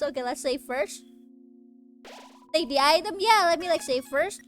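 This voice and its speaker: A woman streaming a video game, chatting casually, giggly and excitable. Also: high voice, moderate pace, soft background music. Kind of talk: casual let's-play commentary.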